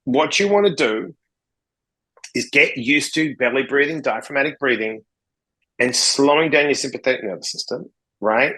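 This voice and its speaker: A man, a podcast guest telling stories in a casual, animated way and acting out both sides of the dialogue. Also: mid-range voice, normal speed, poor audio. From Australia. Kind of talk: casual storytelling in a podcast interview.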